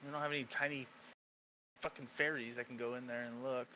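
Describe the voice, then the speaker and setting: Man, playful crude tabletop player, bright voice, lo-fi mic. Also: medium pitch, level tone, fairly quick. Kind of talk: casual tabletop game chat.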